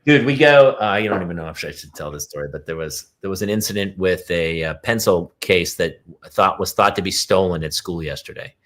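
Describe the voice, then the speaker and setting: A man's voice: sits low, brisk, hardly any pauses, fairly bright tone. A middle-aged man telling a parenting story on a livestream chat, acting out his kids' voices as he goes. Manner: acts out his kids' voices in quoted lines. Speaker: podcast co-host. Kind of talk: casual chat, animated storytelling. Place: home, on a livestream. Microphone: video call.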